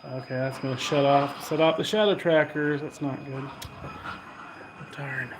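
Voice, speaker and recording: Man calling out softly to spirits. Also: a little slow. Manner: low, hushed calls to unseen spirits. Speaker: paranormal investigator. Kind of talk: ghost-hunting walkthrough. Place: indoors in an old house at night. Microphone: handheld phone. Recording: steady background hiss and room noise.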